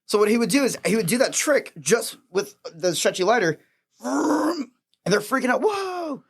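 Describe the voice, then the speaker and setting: Lively laughing man telling stories. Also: high-pitched, fairly quick. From Florida, USA. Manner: animated, laughing storyteller. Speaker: podcast guest, magician. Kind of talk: casual podcast chat.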